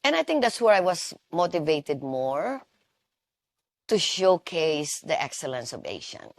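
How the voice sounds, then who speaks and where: A woman's voice: low voice, very animated, a little slow, no echo, clean studio sound. A woman earnestly recounting a personal experience in a reflective, testimonial manner. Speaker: speaker sharing a personal story.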